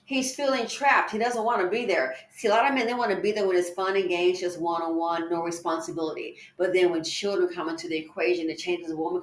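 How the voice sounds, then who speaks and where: Indignant woman commentator, echoey. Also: lowish voice. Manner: emphatic, indignant, rhetorical questions. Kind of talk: reaction commentary. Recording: echoey room.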